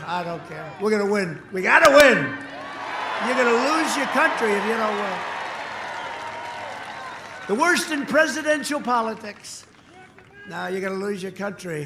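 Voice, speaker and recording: A man in his seventies giving a boastful, repetitive campaign rally speech, swinging between shouts and quiet asides. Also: high voice, animated, moderate pace, echoey room, over a noisy crowd, heavy background noise. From United States. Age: 70s. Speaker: political candidate.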